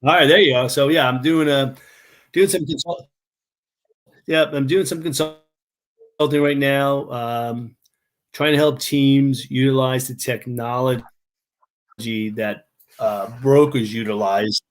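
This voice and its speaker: A man giving a remote interview on a video call, halting and restarting often as he explains things at length. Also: medium pitch, steady tone. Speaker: interview guest.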